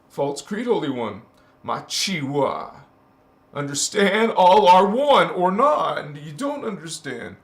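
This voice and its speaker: A man's voice: on the high side, big pitch swings, slow, roomy sound. A man giving a spiritual teaching monologue, preaching in an emphatic, repetitive way.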